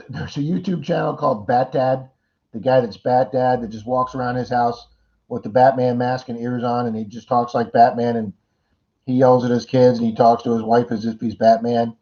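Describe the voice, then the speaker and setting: A middle-aged man hosting a casual livestream chat, greeting viewers by name and rambling through jokey asides. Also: medium pitch. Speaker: livestream host. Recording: dull lo-fi stream audio.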